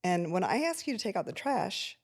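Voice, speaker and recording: A woman's voice: on the low side, fairly quick, vocal fry, slightly rough. An older woman, a mother on a family podcast, telling a story and acting out the people in it. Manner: animated storyteller who acts out quoted voices.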